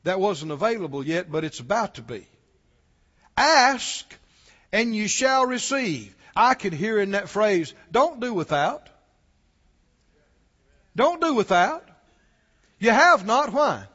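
High-voiced preaching man in a reverberant hall. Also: big pitch swings, a little slow, lo-fi sound. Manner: emphatic preaching, rising to shouts and dropping low. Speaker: pastor. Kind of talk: sermon.

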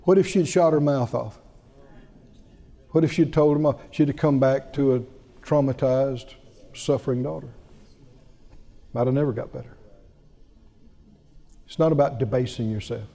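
A man's voice: normal speed, gravelly, long pauses. A man preaching a sermon, telling a story with laughter and acting out what people said. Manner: lively, wide-ranging pitch.

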